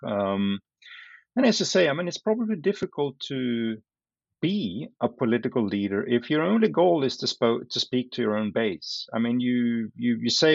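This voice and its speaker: A man's voice: mid-range voice, lively intonation, normal speed, gravelly, no echo. A man interviewing a guest, asking probing questions in a conversational way. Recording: dry, dull lo-fi sound.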